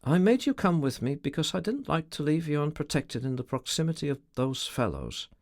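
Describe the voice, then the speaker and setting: A man reading an audiobook, voicing a troubled, formal middle-aged gentleman in a raised, strained voice. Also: fairly high pitch, sing-song, a little fast.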